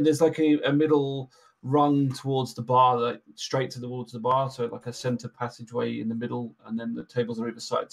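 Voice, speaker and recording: Man as dungeon master, hesitant, gravelly low voice. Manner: hesitant, filler-heavy. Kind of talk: describing a tabletop game scene.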